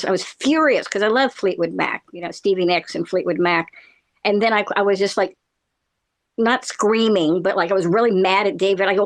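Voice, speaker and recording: A middle-aged woman in casual chat, telling a long personal story in a rambling way, with many fillers and frequent laughs. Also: medium pitch.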